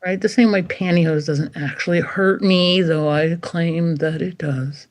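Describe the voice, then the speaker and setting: A woman's voice: fairly low pitch, unhurried. A middle-aged woman, a dog trainer, chatting in an interview and acting out what dogs think in playful voices. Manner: animated, acts out dogs' thoughts in playful voices. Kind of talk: casual interview chat.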